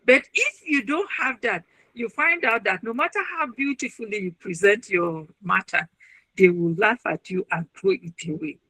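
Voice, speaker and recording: Woman giving webinar advice, earnest, bright voice, dry close sound. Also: mid-range voice, normal speed, breathy edge, no room sound, poor audio. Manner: earnest, advising, acts out quoted voices. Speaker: webinar speaker, university registrar and counselor. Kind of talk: motivational webinar talk.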